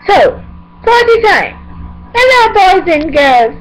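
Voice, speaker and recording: A woman's voice: extremely high pitch, expressive, takes it slowly, pauses often, faint music behind, poor audio. A woman improvising silly songs and a kids'-show parody in a playful, sing-song way, switching between talking and singing, recorded on a webcam mic at home. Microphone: webcam microphone.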